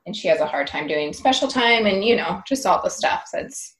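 A woman's voice: mid-range voice, expressive, normal speed, reverberant. A woman co-hosting a parenting podcast, talking in a casual, chatty way with lots of "like". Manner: chatty, peppered with "like". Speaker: podcast co-host.

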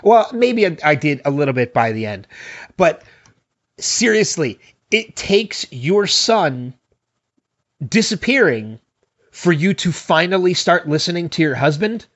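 A man co-host recaps a TV episode in relaxed chat, full of ums and quick laughs. His voice sits somewhat high for a man. The recording sounds dull and lo-fi. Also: dry recording. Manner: halting with fillers, laughs often. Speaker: podcast co-host.

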